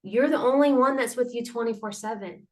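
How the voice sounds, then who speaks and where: A woman's voice: a little high, brisk. Earnest woman with many restarts. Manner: animated, acts out sounds and laughter. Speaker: guest, mental health advocate. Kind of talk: casual interview talk.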